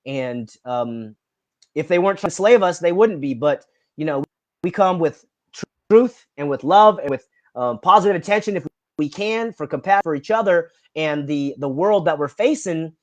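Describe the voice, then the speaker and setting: High-voiced, earnest man rambling on. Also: animated, moderate pace, dry recording. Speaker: podcast guest. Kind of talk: casual podcast conversation.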